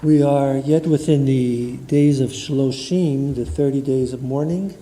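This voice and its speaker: A man leading a synagogue prayer service, reading a memorial list of names in a measured way and chanting prayers in a large sanctuary. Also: medium pitch, mellow. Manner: chants Kaddish prayer slowly. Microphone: livestream room mic. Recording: long reverb of a large sanctuary.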